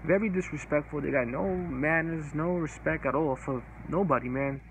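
A man vents on his vlog in an angry, profane rant, circling back to the same complaints again and again. His voice sits a little high for a man, and a faint hiss of noise runs under the recording. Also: moderate pace, poor audio. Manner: angry, profane, repetitive ranting. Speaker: vlogger. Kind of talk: casual ranting to camera.

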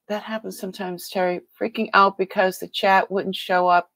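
A woman's voice: medium pitch, level tone, moderate pace, a bit bright, dry recording. A woman with a Boston accent hosting a casual live-stream sale, chatting and greeting viewers by name with frequent laughs.

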